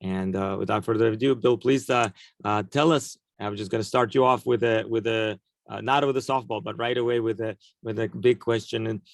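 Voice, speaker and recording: A man's voice: on the low side, fairly even intonation, fairly quick, gravelly, dry recording. A man introducing a guest speaker at an event, hesitant and full of fillers.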